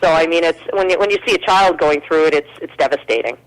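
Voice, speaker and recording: A woman's voice: low-pitched, fast talker, low-quality recording. An American woman talking as a guest musician in a casual chat, earnest and full of fillers and restarts. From United States.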